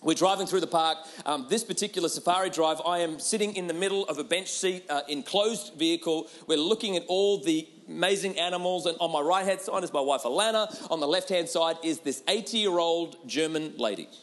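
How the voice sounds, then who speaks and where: A man's voice: fairly high pitch, brisk, few pauses, fairly bright tone. A man preaching a humorous sermon, telling a personal story with laughter and a repeated rhetorical question.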